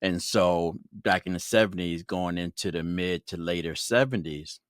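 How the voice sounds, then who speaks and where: A man in his fifties with a very deep voice, hosting an interview podcast. He tells personal stories in a relaxed, reflective way, recorded close and dry with no room sound. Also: normal speed, no echo. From Brooklyn, New York. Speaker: podcast host. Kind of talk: conversational interview.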